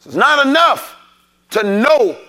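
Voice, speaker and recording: Pastor, man, high and bright, slow call-and-response sermon delivery. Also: very animated. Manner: preachy, call-and-response, rising to shouts. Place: church sanctuary.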